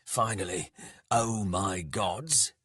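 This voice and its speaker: A battered, cunning dwarf keeps his voice cool and controlled behind a show of humility, as a man reads him. The tone is low and husky, with slow, deliberate pacing. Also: a bit bright, no room sound, clean studio sound, exaggerated voice. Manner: cool, controlled, mock-submissive. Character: injured, cunning male dwarf hero, outwardly meek. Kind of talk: audiobook character voice.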